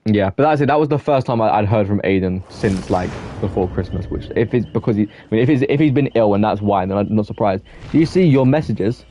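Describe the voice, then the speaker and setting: A young man streaming a game, chatting loosely with his viewers and getting quickly exasperated at teammates, with many restarts. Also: lowish voice, animated, warm tone, lo-fi sound, slight background noise. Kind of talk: casual live-stream chat while gaming.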